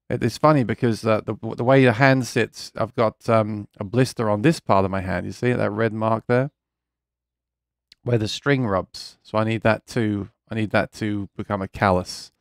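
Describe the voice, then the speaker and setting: Man, livestream host, gravelly voice, dry close sound, rambling and earnest. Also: lowish voice, moderate pace, no echo. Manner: rambling, reads viewer comments aloud; earnest and keen about guitar gear. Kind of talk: casual live chat.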